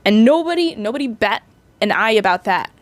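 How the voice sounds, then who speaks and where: A woman's voice: a little high, expressive, a little fast, no room sound. A woman in her twenties recapping a movie in a rambling, chatty way, full of fillers. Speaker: vlogger.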